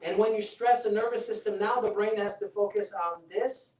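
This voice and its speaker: A man's voice: high voice, fairly even intonation, normal speed, a little mellow. A man giving a live health seminar, persuasive and chatty, often checking in with the audience. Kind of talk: live seminar talk with demonstration. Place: seminar room. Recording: roomy sound from a distant mic.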